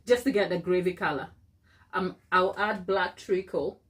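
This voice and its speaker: A woman's voice: on the low side, fairly even intonation, moderate pace. Chatty woman hosting a baking live stream. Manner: chatty, reads viewer comments aloud and laughs often; thinks aloud while working. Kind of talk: casual live-stream chat.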